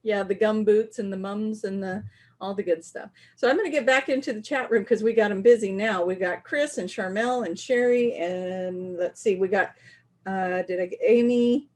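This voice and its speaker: A woman's voice: mid-range voice, normal speed, a little mellow. Upbeat Southern US woman co-host. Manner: upbeat, reads out viewer comments. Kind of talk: casual live-stream chat.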